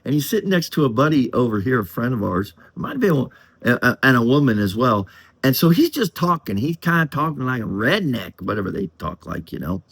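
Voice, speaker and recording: A man's voice: mid-range voice, very animated, brisk, a bit bright, husky, no echo. An older man from Colorado tells a story in a loose, rambling way, chuckling as he goes and putting on drawling voices for the people in it. His voice rises and falls a lot. The sound is close and dry, with no room around it. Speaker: channel host. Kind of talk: casual storytelling to camera.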